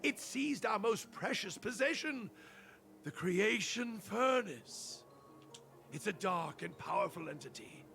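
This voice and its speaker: Brief: a nervous, over-polite official for a game, posh RP accent, high voice with swooping intonation. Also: male voice, animated, takes it slowly, creaky, sharp tone, soft background music, exaggerated voice. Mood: anxious, formal. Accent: posh English received pronunciation. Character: fretful formal male official, anxious and overly polite. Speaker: game character. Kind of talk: video game voice acting.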